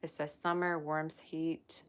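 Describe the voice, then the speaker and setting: Low-voiced woman gushing over a tarot reading. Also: level tone, takes it slowly, clear, resonant tone. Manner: gushing, chatty and effusive. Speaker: tarot reader. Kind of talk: live-streamed tarot reading.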